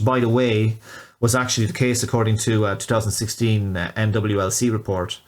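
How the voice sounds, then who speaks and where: A man hosting a spoken video essay critique, hesitant, with frequent restarts and filler words. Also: mid-range voice.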